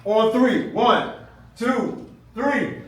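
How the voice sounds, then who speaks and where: A man with a high, very lively voice tells playful stories to an audience, laughing easily and shouting out the quoted lines. He sounds middle-aged and is picked up from across a big, echoing hall. Clear room noise hangs under his voice. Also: drawn-out words. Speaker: speaker at an event. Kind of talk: animated storytelling speech. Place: event hall with a live audience. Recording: echoey room from far off, noisy.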